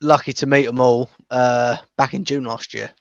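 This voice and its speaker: A man's voice: medium pitch, fairly even intonation, normal speed, gravelly, dry recording, lo-fi sound. A man co-hosting a podcast over a video call, asking his guests friendly, easygoing questions. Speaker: podcast co-host. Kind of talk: casual interview.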